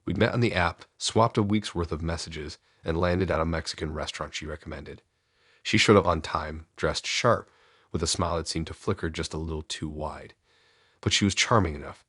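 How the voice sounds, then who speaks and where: A man narrating a first-person horror story in a low, measured, ominous storytelling voice. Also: a bit bright, breathy edge, dry recording, clean studio sound.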